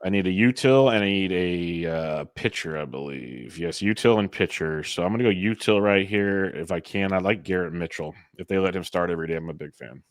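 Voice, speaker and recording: A man's voice: low voice, a little fast, hardly any pauses, dry recording, clean studio sound. A man talking fantasy picks in an easygoing, jokey podcast chat. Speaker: guest analyst.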